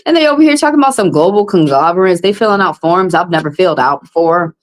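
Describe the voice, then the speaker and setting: A woman's voice: animated, fast, low-quality recording. A woman, a tarot reader hosting a live stream, venting bluntly and with plenty of swearing to her viewers. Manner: blunt and profane, vents with rising pitch.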